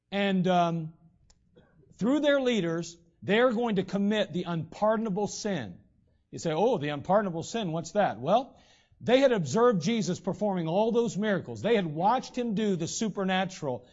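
A man preaching a sermon, talking casually to his congregation and slowing down to stress scripture. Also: sits high, animated, darkish tone. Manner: emphatic, slow stressed scripture reading; conversational asides to the congregation. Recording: dull lo-fi sound.

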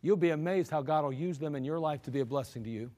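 Blunt high-voiced preacher man, echoing hall. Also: quick pace, darkish tone. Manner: blunt, exhorting and scolding. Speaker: pastor. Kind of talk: sermon.

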